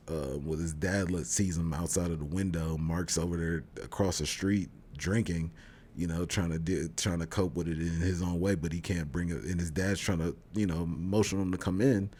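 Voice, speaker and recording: Deep husky-voiced man in casual chat. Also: a little mellow. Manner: rambling retelling with many fillers and restarts. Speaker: podcast co-host reviewing a TV show.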